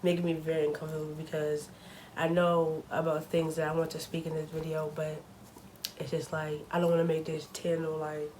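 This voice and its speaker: A woman's voice: low-pitched, completely flat delivery, brisk, a little mellow, a little hiss or hum, rough recording. A young woman talking casually to her camera at home, chatty and full of fillers, openly nervous. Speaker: vlogger.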